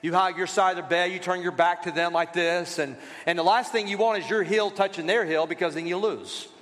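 Male pastor, sermon, high voice, bright tone, long reverb in a church hall. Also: fairly quick, a little hiss or hum. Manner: lively storytelling with asides to the congregation.

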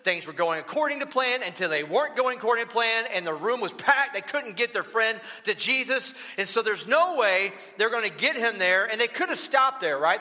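Middle-aged man, pastor, sermon, conversational, high-pitched, long hall reverb. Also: pushed and bright. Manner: conversational, storytelling, joking asides.

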